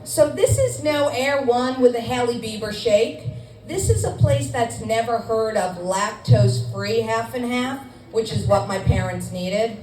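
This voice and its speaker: A middle-aged woman comic does a chatty stand-up set on a club stage, a little high in pitch. She puts herself down with loose ums and restarts. The recording is roomy and taken from far off, with faint noise. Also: measured pace, darkish tone. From Scarsdale, New York. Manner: self-deprecating, chatty, with filler ums. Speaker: stand-up comedian. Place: comedy club stage with audience.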